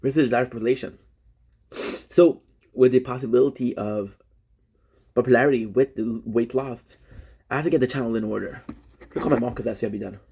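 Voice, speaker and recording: Gravelly, husky-voiced man telling a story. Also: medium pitch, fairly even intonation, fairly quick, long pauses, dark tone. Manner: rambling, self-correcting storytelling. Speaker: streamer. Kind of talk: confessional live-stream monologue.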